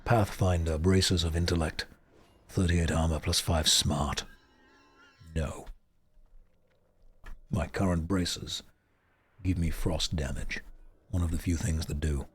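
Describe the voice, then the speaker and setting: Deep, husky-voiced male streamer. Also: fairly even intonation, slow pace, pauses often. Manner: dry, mock-serious joking. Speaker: livestreamer. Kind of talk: casual gameplay chat.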